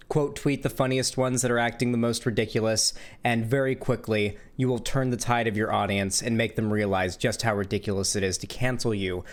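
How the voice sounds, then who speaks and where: A male streamer holds forth to his live chat in a blunt, swearing rant. His voice sits at an ordinary middle pitch and he talks in a casual commentary way. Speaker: streamer reacting to a video.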